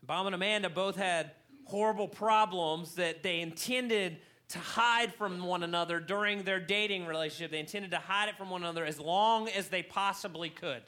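A male pastor preaches to his congregation in a high, bright voice. He tells a funny story in an animated way, getting louder to stress his points. His tone is lively and pointed. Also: normal speed. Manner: animated storyteller, rising in volume for emphasis. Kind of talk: sermon with a humorous story. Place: church hall.

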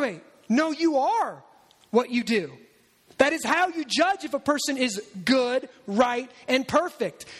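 A man preaching a sermon in a lively, conversational way, breaking into asides and acted-out quotes. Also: very high voice.

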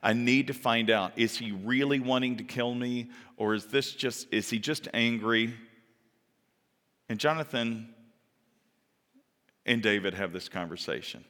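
Animated male preacher in a reverberant hall. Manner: animated storytelling, acting out quoted lines with sudden high pitch. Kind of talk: sermon.

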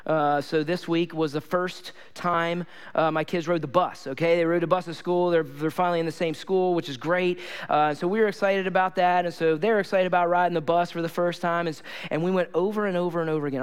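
A man's voice: sits high, steady tone, fairly quick, hardly any pauses, smooth. A male pastor preaching a sermon, telling stories animatedly and repeating phrases for emphasis.

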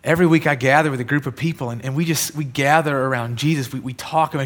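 A man's voice: medium pitch, fast talker, hardly any pauses, a bit bright. A man preaching a sermon, telling personal stories in a conversational way and building to emphatic points. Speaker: pastor.

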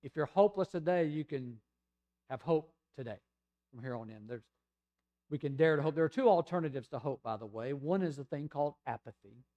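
Southern male pastor, middle-aged, mellow tone, chatty sermon delivery with sudden loud and soft turns. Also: a little high, expressive, fairly quick, highs cut off. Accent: Southern American. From Tennessee, USA.

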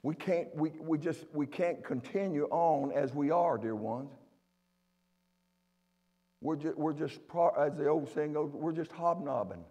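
Preacher, male, high-pitched, fervent and repetitive, church with long reverb. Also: unhurried, mellow. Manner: preaching fervently, repeats and restarts phrases. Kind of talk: sermon. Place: church sanctuary.

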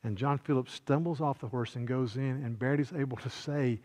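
A man's voice: mid-range voice, moderate pace, hardly any pauses. Male preacher, sermon storytelling and prayer, fervent build-ups. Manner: impassioned, rising to loud peaks, with repeated words.

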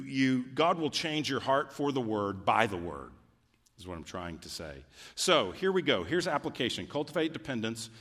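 Male pastor preaching in a reverberant church. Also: mid-range voice. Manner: conversational, emphatic preaching with sudden loud peaks. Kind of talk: sermon. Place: church sanctuary. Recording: long hall reverb from a church.

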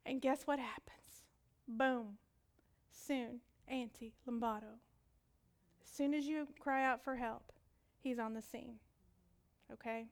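A woman preaching a sermon, telling stories with acted-out voices and swinging from loud commands to whispered asides. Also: fairly high pitch, fairly even intonation, slow pace, creaky, long pauses.

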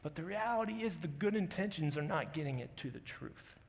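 A young man with a fairly high voice gives a chatty sermon, slipping into quoted voices as he tells stories. His voice rings out with the long reverb of a large church hall. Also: lively intonation, brisk. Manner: conversational storyteller acting out quotes. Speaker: pastor.

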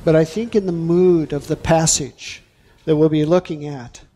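A male pastor preaching a sermon, deliberate and emphatic, drawing out key words. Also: fairly high pitch, fairly even intonation, dark tone.

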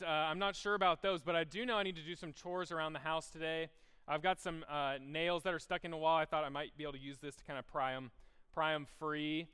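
A man preaching a sermon, joking at times, then earnest and quiet on serious points. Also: on the high side, smooth. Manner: playful then earnest, drops soft on heavy points. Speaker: pastor. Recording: long hall reverb.

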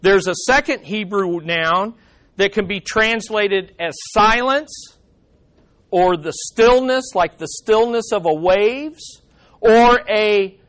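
A man's voice: sits high, fairly bright tone. A man teaching a Bible study lesson in a conversational way, with dry humorous asides and frequent restarts.

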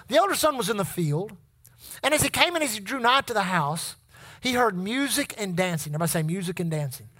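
Preacher mid-sermon with a sharp, bright voice, leading the crowd to echo lines back. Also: mid-range voice, animated, fast talker. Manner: call-and-response with the congregation; reads scripture in King James wording.

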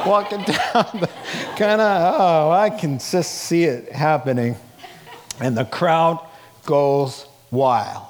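A pastor preaching a sermon, telling stories with acted-out voices and joking with laughs between lines. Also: male voice, a little high. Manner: animated, acts out voices in his stories. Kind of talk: sermon with storytelling.

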